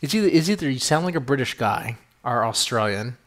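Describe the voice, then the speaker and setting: A man's voice: medium pitch, lively intonation, a little fast, fairly bright tone. A man hosting a podcast in loose, rambling chat, swearing freely and stacking fillers. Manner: rambling, profane, many fillers. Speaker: podcast host.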